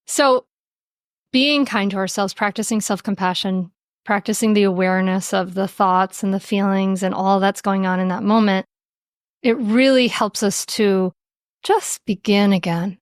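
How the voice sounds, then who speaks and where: A woman speaking as a podcast guest on parenting and mindfulness, gentle and reflective, often laughing lightly as she explains. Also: medium pitch, moderate pace, no room sound, clean studio sound. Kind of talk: podcast interview.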